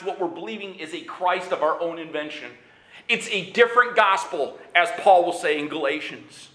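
A man preaching a sermon in an animated way, sometimes raising his voice and acting out quick bits of dialogue. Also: sits high, echoey room. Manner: animated preaching with bursts of shouting; acts out dialogue in quick asides. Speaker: pastor.

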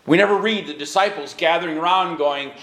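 Man, pastor, sermon, high voice, earnest with emphatic rises, echoey church hall. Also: fairly quick. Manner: swings between quiet earnest tones and high emphatic rises. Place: church sanctuary.

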